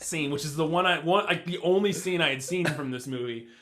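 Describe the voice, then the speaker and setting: A man's voice: on the high side, a little fast. A man co-hosting a casual movie review podcast, ranting in disbelief and swearing freely. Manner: animated, swearing, incredulous ranting. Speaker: podcast co-host.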